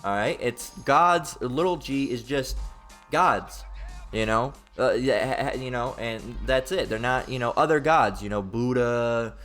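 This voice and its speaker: Heated, profane Southern preacher. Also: male voice, mid-range voice, a little slow, a bit bright, faint music behind. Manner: reads scripture then rants. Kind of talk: informal Bible teaching sermon.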